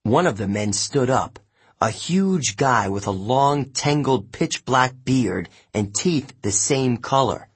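A man narrating an audiobook in the first person, expressive and unhurried. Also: mid-range voice, husky.

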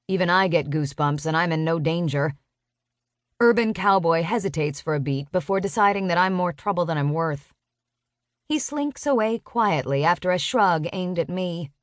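Expressive woman narrating a romance audiobook. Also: fairly low pitch, no echo, clean studio sound. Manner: expressive, sharp-tongued storytelling.

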